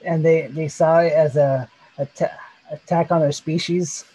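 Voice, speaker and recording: A young man co-hosting a casual podcast, joking and swearing in quick banter. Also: a little high, steady tone, warm tone, slightly rough, dry recording, rough recording. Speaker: podcast co-host. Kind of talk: casual chat.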